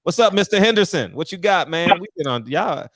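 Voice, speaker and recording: A man's voice: high voice, animated, fairly quick, a bit bright, no echo, clean studio sound. A man hosting a casual barbershop chat, joking and thanking each guest in turn. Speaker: podcast host.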